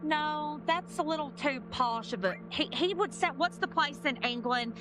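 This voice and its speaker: A woman's voice: high voice, normal speed, over music. Chatty woman recapping a show. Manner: chatty plot recap full of "like" and "you know". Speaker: podcast co-host. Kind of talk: casual chat.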